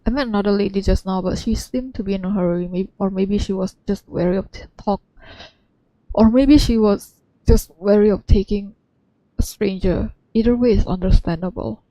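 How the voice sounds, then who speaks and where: A polite, cautious young traveler talks her way through a lonely road, read by a woman close to her own voice. The tone is soft and mellow. The sound is dry. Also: mid-range voice, normal speed, no room sound, natural voice, low-quality recording. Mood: earnest.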